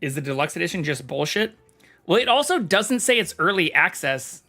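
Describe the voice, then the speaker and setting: A man's voice: fairly high pitch, big pitch swings, normal speed, bright, forceful tone, soft background music. A man chatting casually on a live stream, reading chat aloud and swearing freely. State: talking with mouth full.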